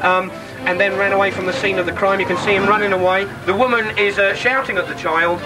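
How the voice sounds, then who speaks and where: A man's voice: sits high, fairly even intonation, quick pace, over music, poor audio. A British man doing sardonic stand-up comedy as a mock tour guide. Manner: sardonic, jokey, puts on shouted voices for bits.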